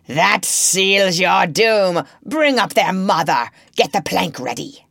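A woman voicing a cruel, pompous male pirate captain who roars slow threats in a storybook reading. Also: on the low side, animated, vocal fry, fairly bright tone, slightly rough, no echo, studio quality, voice pushed up, heavily acted. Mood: roaring.

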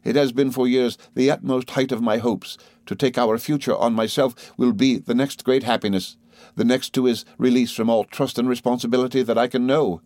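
A male narrator reading a classic novel in a measured, reflective way. His voice sits at an ordinary middle pitch, recorded close and completely dry, with no room around it. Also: fairly even intonation, darkish tone, no echo. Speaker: audiobook narrator. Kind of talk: scripted narration.

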